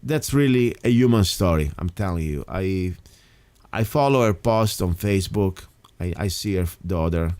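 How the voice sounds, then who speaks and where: Emphatic talk radio host, lowish voice. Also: male voice, expressive, normal speed, darkish tone, smooth, dry recording. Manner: emphatic, rambling with restarts. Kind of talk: casual talk radio monologue.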